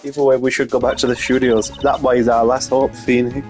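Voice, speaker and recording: A man reading the lines of a calm, encouraging woman lawyer who mentors the hero. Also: mid-range voice, fairly quick, faint music behind, lightly acted.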